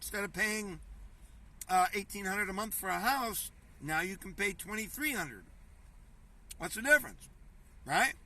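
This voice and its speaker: This commentary-show host is a man who reads out news headlines and rambles conversationally about them, frequently calling his audience folks. His high voice sounds pushed and bright, moving at a moderate pace, and he's far from the mic.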